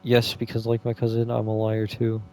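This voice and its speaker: A man's voice: on the low side, completely flat delivery, normal speed, mellow, slight background noise, close to an everyday voice. A man reading aloud the lines of a curt, hostile man who brushes off a neighbour in a game. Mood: dismissive.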